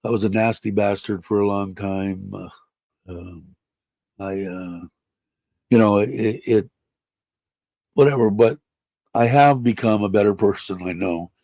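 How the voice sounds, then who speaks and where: Older male livestream host, deep mellow voice, profane rambling chat, dry sound. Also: unhurried, pauses often, dry recording. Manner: rambling, blunt, profane, laughs often. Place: home in Thailand.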